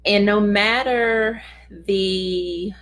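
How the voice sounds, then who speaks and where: A woman's voice: medium pitch, fairly even intonation, extremely slow, fairly bright tone. A middle-aged woman hosting a casual motivational talk, speaking earnestly and conversationally and acting out short quoted remarks. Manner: earnest, conversational, acts out little quoted voices. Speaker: host of a self-help talk.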